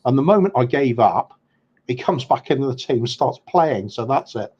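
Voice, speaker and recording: A man's voice: mid-range voice, animated, moderate pace, darkish tone, slightly rough. Hesitant man chatting football, dull sound. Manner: hesitant, lots of ums and restarts. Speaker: podcast co-host. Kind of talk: casual football chat.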